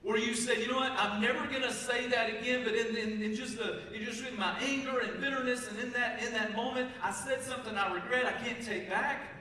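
Male pastor, bright and high, conversational sermon, recorded from a distance in an echoey sanctuary with faint room noise. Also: fairly even intonation, fairly quick, few pauses. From Texas. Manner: conversational preaching, asks the congregation questions. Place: church sanctuary. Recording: echoey church hall, mic from a distance.

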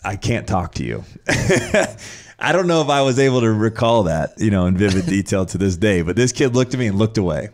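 A man's voice: lowish voice, animated, a little fast, darkish tone. A man telling his own story in a casual, blunt and profane way, acting out his past reactions as he goes.

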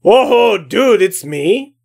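A woman's voice: mid-range voice, expressive, extremely slow, gravelly, darkish tone, a little hiss or hum, exaggerated voice. A woman voicing a goofy, laid-back young guy with a slacker drawl.

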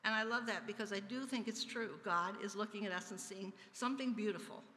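An older woman giving an earnest personal testimony during a church service, telling stories with soft laughs. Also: medium pitch, brisk. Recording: reverberant church sanctuary.

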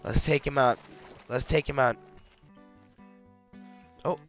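Bright-voiced excited gaming streamer man. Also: medium pitch, takes it slowly, soft background music. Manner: excitable, yelling in bursts then whispering to prey. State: hyped and emotional. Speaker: game streamer. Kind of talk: live gaming commentary.

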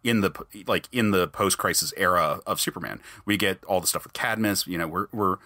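A man with a low, bright and forceful voice, talking casually on a podcast. He rambles with enthusiasm and keeps restarting his sentences. The sound is dry and close. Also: fairly quick, no echo. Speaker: podcast host.

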